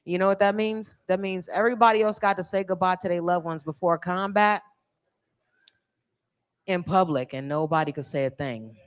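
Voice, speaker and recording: A woman's voice: fairly low pitch, normal speed, smooth. Brash middle-aged stand-up woman, bawdy crowd-teasing delivery, live on a stage mic. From California. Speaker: stand-up comedian.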